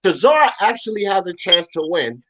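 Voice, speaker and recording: High-voiced man insisting on his boxing pick. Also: sing-song, a little fast, fairly bright tone, poor audio. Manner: emphatic, insistent, profane. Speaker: boxing show co-host. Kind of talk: casual sports debate.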